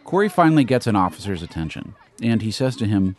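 Male podcast host, deep-ish, animated script read with pointed emphasis. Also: fast talker. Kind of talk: scripted narration.

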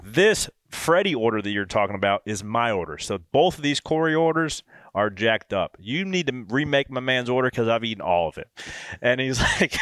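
A man hosting a podcast, telling a casual story with lively quoted dialogue. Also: medium pitch, moderate pace, smooth, dry recording, studio quality. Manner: animated anecdote with quoted dialogue. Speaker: podcast host.

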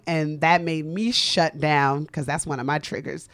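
A woman's voice: deep voice, moderate pace, no echo. A woman guest comedian in casual podcast chat, telling a story and acting out what people said. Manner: animated storytelling, acts out quotes.

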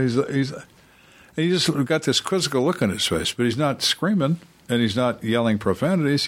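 An older man, a retired homicide detective, telling interrogation stories calmly and dryly and acting out suspects' lines. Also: medium pitch, a little fast. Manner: calm, dry, acts out suspects' lines. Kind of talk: storytelling in interview.

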